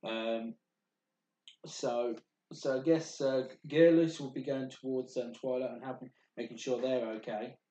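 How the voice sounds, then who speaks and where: A man narrating a tabletop game as game master, halting with many ums and restarts. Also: mid-range voice, fairly even intonation, mellow. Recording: echoey room.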